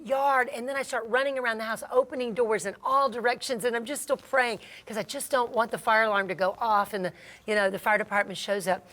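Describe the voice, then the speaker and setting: Lively middle-aged woman telling a story. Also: fairly high pitch. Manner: lively storyteller acting out quoted voices, laughs often. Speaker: Christian marriage talk host. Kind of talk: animated storytelling chat.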